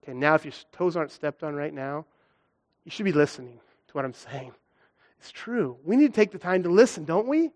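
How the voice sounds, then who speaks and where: Animated high-voiced young male preacher. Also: fairly quick. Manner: animated, acts out stories with big pitch swings. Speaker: guest preacher. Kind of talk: sermon.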